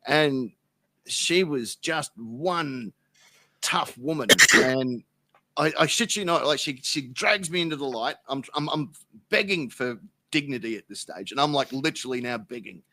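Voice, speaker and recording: A man's voice: medium pitch, lively intonation, measured pace, bright, forceful tone, no echo. An Australian man, a podcast guest, telling a rambling, profane anecdote in casual chat. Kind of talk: casual storytelling.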